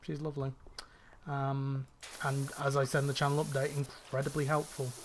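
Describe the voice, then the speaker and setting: A young man from northwest England, his northern accent faint and fairly neutral, rambles through casual chat while gaming for his channel. His mid-range voice stays monotone at a moderate pace, full of fillers and restarts, with a little hiss or hum underneath.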